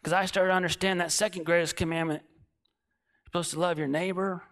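A man in his late thirties preaching, telling a comic story that swings from shouting to hushed. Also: high-pitched, little pitch movement, a little fast. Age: 30s.

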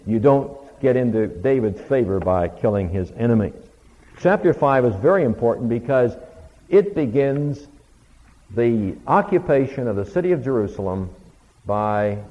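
Lo-fi, reverberant male Bible lecturer. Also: fairly low pitch. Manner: conversational, retells stories with quoted dialogue. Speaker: Bible teacher. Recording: lo-fi recording with long hall reverb.

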